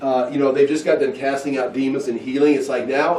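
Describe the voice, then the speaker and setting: A man teaching through a Bible passage, talking casually and acting out the scenes with lively bursts. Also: mid-range voice, fairly quick, few pauses, a little hiss or hum. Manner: animated, acts out scenes with excited outbursts. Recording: echoey room, heard from a distance.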